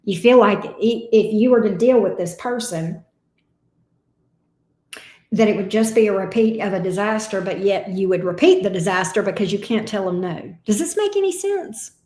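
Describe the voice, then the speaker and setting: A woman's voice: medium pitch, fairly even intonation, normal speed, darkish tone, echoey room. A woman giving a casual, emotional tarot reading. She talks expressively and swears now and then. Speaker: tarot reader.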